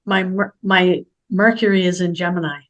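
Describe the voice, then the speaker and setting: A woman's voice: lowish voice, fairly even intonation, highs cut off. A middle-aged woman, a spiritual healer, talking casually in an interview, chatty and full of anecdotes. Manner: chatty, storytelling, quick to laugh.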